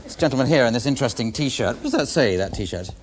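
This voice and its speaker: A man's voice: medium pitch, animated, fast talker. A British man hosting a live improv show, bantering dryly with the audience. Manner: wry, dry banter with the audience. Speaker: show host. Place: TV studio with audience. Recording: live studio audience, background noise.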